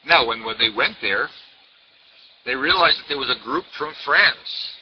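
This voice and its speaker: A man's voice: mid-range voice, unhurried. Older man telling a story, dull recording. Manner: repeats words for emphasis, lively storyteller. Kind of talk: storytelling sermon. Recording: dull lo-fi recording with faint noise.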